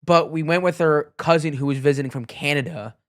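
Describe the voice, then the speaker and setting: A young man chats as a podcast co-host and tells stories in an easy, casual way. His voice is smooth and clear, with no echo in the room. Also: on the high side, fairly quick, a bit bright, clean studio sound. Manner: chatty storyteller, swears casually. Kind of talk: casual chat.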